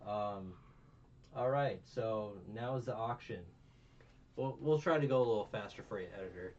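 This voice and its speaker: A man's voice: fairly low pitch, normal speed, darkish tone. A young man hosting a casual review podcast, rambling, swearing and retelling scenes. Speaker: podcast host. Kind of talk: casual anime review chat. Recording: distant muffled mic, faint hum.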